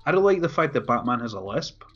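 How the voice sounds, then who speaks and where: A man's voice: medium pitch, big pitch swings, fast, a bit bright. A man in casual chat, laid-back and loose, swearing freely with lots of fillers. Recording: dull lo-fi with faint music.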